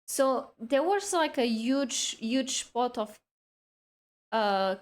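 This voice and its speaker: Slow-talking woman telling a story. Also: on the high side, lively intonation. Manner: rambling, full of "like" and restarts. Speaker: streamer. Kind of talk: casual storytelling chat.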